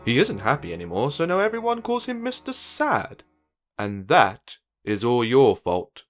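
A man voicing a stern, bossy little woman in a storybook, scolding slowly in a high voice. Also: wildly swooping pitch, faint music behind.

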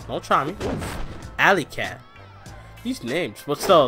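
A young man commentates a wrestling video game with loud, crude, excitable trash talk. His voice sits high and bright, with a tense edge that leaps around his range. Faint game music plays behind him. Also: a little slow. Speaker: gameplay commentator. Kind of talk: let's play commentary.

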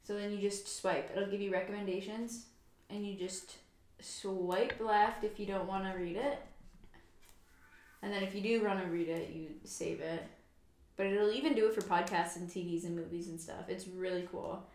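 A woman's voice: medium pitch, steady tone, moderate pace, a little mellow. Woman, casual podcast chat, filler-heavy, laughing, echoey room. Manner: chatty, says "like" a lot, laughs often. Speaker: podcast co-host. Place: quiet room at home.

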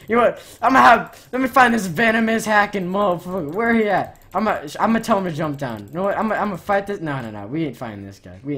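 A woman gamer giving profane, excitable gameplay commentary, ranting in loud outbursts while she plays. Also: mid-range voice.

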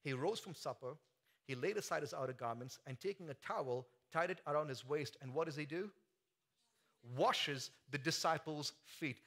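Male pastor, sermon; bright, forceful tone, voice a little high, big swings from hushed to shouting. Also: moderate pace. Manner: swings from quiet asides to shouted, soaring climaxes. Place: church sanctuary.

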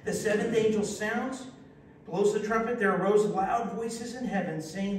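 A man with a high, bright-pitched voice preaches in a very echoey church sanctuary, heard from a distance. He reads scripture aloud and keeps breaking off to lead the congregation in call-and-response. His delivery is lively and exclamatory, with teasing asides to the room. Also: a little slow. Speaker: pastor. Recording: very echoey hall, voice from afar, faint hiss.

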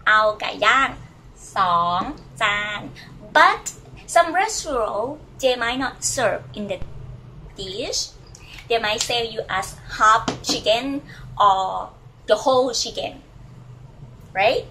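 A woman whose first language is Thai, teaching a language lesson and slowly repeating words for learners to copy. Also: on the high side, lively intonation, bright, forceful tone, slight background noise, poor audio.

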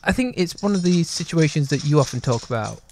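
Man, gravelly voice, easygoing rambling chat, co-host. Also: fairly high pitch, animated, fairly quick, a little mellow, a little hiss or hum. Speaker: podcast co-host. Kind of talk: casual chat.

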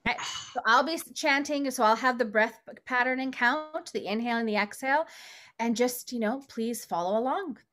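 A woman leading a meditation session, talking gently and casually with frequent small laughs. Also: a little high, a little fast. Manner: gentle, chatty, laughs often. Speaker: meditation leader. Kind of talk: guided meditation instruction.

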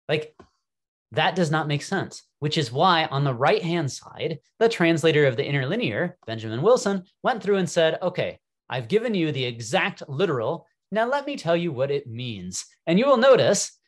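Male Bible class teacher, young adult, lively wry lecture delivery. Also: on the high side. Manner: animated, wry, thinking aloud.

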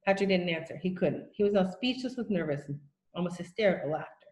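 A woman reads a children's novel aloud, narrating plainly and unhurriedly with a few small slips. Her voice sits on the low side and the room lends a noticeable echo. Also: animated, fast talker, darkish tone, a little hiss or hum. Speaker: reader.

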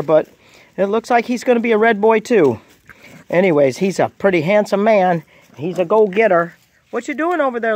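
A woman narrates a home video of her puppies in a small outdoor yard, slipping into doting baby talk. Her voice swoops up high and drops again, with a slightly husky edge. The sound is close and dry. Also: no echo. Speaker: dog breeder.

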